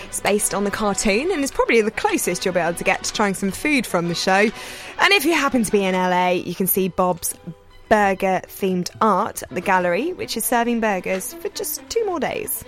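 A woman's voice: medium pitch, sing-song, fairly quick, faint music behind. A woman presenting on radio, reading light news items between bouts of laughter. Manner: giggly, bright delivery with lots of laughs.

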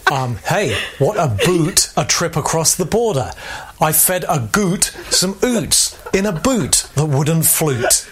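A man's voice: on the high side, lively intonation, slow, a bit bright, a little hiss or hum. A man playing a fake male dialect coach who hops through exaggerated American accents, laughing through his lines. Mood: mock-confident. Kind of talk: comic recorded sketch.

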